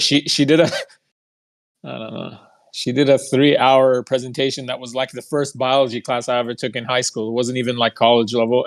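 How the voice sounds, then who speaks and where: A young man telling a heated, profane story in a casual monologue, mocking the people he quotes. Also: medium pitch. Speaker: podcast host.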